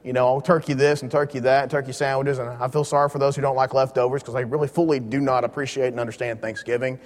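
A man teaching a Bible lesson in a relaxed, joking way, leaning hard on key words. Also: medium pitch, fast talker, long reverb tail.

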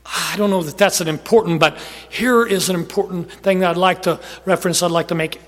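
A high-pitched male pastor preaches with emphasis, pushing some phrases out loud and letting others sink to a near hush. His voice rings out with a long reverb, as if in a large hall. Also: fairly even intonation, fairly quick. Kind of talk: sermon.

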